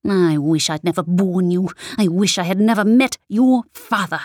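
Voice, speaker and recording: A woman voicing a cruel, bitter sorceress who treats her daughter with slow, cutting scorn. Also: fairly low pitch, darkish tone, no echo, clean studio sound, close to an everyday voice. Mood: screaming rage.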